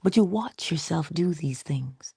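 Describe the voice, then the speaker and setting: A woman hosting a casual motivational livestream, playful and chatty, slipping into whispery asides and animated quoted voices. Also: a little slow, no room sound, studio quality. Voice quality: low gravelly husky voice. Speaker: livestream host.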